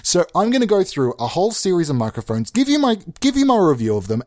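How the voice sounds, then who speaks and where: A man hosting a comedy podcast, rambling in a mock-pompous, deadpan way, lurching between mumbled asides and loud outbursts. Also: medium pitch, dry recording, clean studio sound. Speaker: podcast host.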